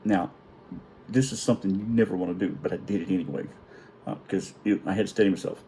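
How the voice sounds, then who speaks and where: A man's voice: sits low, fast talker, warm tone, slight background noise. A middle-aged man telling a story in a casual, profane, self-mocking way.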